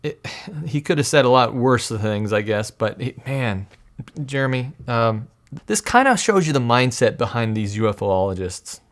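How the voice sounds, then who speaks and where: A man's voice: medium pitch, lively intonation, moderate pace. A man hosting a podcast, giving casual commentary on video clips in a rambling way with restarts and small chuckles. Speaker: podcast host.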